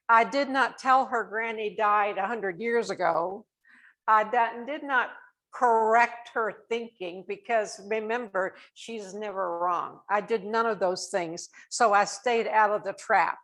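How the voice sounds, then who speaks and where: An older woman who works as a nurse and dementia specialist tells families warm anecdotes from her own life, acting out the dialogue as she goes. Her voice sits in the mid range, and the audio quality is poor.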